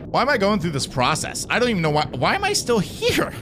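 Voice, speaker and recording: A man's voice: sits high, wildly swooping pitch, quick pace, background noise. Jumpy man playing a horror game. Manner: jumpy, nervous, wisecracking. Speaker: gaming streamer. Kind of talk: horror game let's play commentary.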